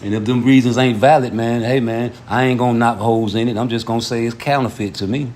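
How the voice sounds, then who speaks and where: A man hosting a casual commentary show, talking in a profane, emphatic way that jumps high when he gets heated. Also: fairly even intonation, fast, a little mellow, a little hiss or hum. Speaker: show host.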